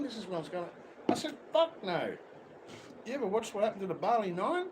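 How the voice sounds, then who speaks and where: A man's voice: high-pitched, big pitch swings, a little fast. An Australian man livestreaming outdoors near a beach, talking bluntly and swearing constantly in casual chat. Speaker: livestream host. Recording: outdoor street noise with traffic.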